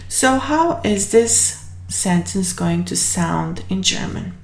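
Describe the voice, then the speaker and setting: Slow, encouraging woman teaching German. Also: medium pitch, expressive. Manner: drills words slowly and repeats them, encouraging. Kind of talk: slow, deliberate language lesson. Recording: roomy, echoey room.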